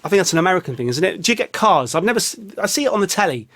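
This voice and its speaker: A man's voice: sits high, big pitch swings, racing, fairly bright tone. A man from England with a London accent, rambling through a self-mocking comic monologue with big swings of voice, recorded in a small hot studio. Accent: English, London. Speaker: vlogger.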